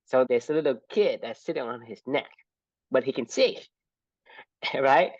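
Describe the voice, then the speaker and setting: Male co-host, reflective, quick to laugh; dull lo-fi, dry recording. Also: medium pitch, animated, no room sound. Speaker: podcast co-host. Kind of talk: casual book discussion.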